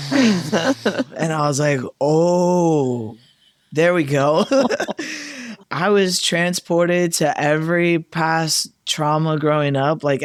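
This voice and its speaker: A man hosting a podcast, telling a personal story in casual chat, animated and laughing often as he acts out what he said. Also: on the high side, no echo, clean studio sound. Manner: animated, laughs often, acts out his own past lines. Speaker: podcast host.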